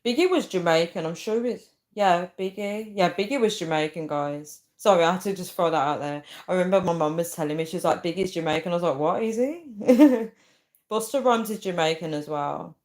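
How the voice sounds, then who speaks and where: Young woman livestream host, somewhat low voice, rambling and giggly casual chat. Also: fairly quick, a little mellow. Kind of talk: casual live chat reading comments.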